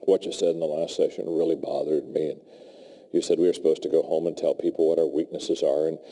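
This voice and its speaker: A man voicing a worried male company chief who speaks in a hushed, confiding way, in a reverberant hall. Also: a bass voice, steady tone, fast talker, voice pushed down.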